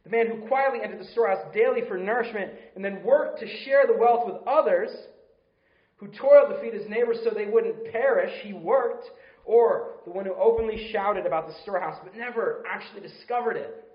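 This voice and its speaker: Earnest high-voiced man preaching in a roomy space. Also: brisk, muffled recording. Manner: earnest, conversational, with restarts and rhetorical questions. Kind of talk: sermon.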